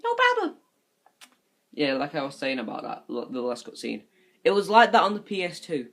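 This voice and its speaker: Over background game music, a gaming commentator in his twenties talks quickly in a gravelly, medium-pitched voice with lively intonation. His rambling, chatty commentary includes occasional swearing, and the recording quality is rough.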